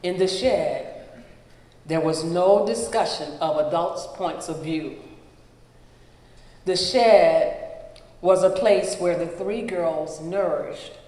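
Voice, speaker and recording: A storyteller giving a live reading of a personal memoir in a slow, measured way, pausing between phrases. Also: mid-range voice, mellow. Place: event hall at a live gathering. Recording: roomy hall with long reverb.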